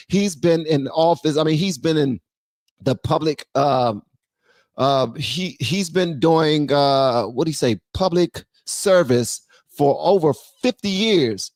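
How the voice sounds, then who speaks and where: An excitable streamer gives casual, slangy reaction commentary into a close, dry mic. The voice sits mid-pitch, and the delivery jumps between quick outbursts and slower musing. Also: dry recording.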